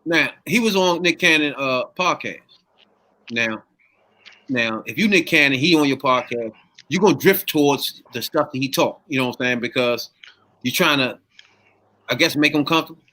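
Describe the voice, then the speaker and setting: A man hosting a casual podcast chat, telling the story in an animated way and steering the topic. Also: mid-range voice, moderate pace, long pauses.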